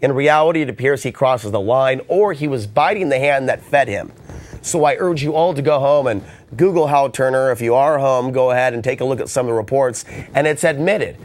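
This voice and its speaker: A man hosting a call-in radio talk show, hoarse and ranting with passion. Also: medium pitch, a little fast. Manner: impassioned, ranting.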